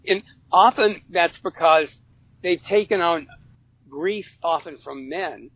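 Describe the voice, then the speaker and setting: A man who is a guest on a podcast, talking about coaching in an animated way, acting out little quotes and restarting his phrases. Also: fairly high pitch, measured pace, breathy edge, dull audio. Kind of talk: casual interview chat.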